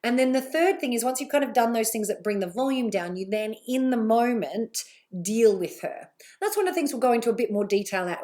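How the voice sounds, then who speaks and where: A middle-aged woman with a British accent, giving a candid, chatty live online talk as a coach, with asides and a lively delivery. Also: medium pitch.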